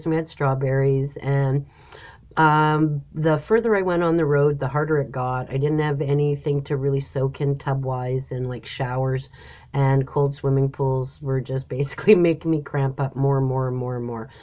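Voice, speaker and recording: Low-voiced woman telling a personal story. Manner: chatty, retells dialogue with lots of "I said". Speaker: host. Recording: dull lo-fi recording.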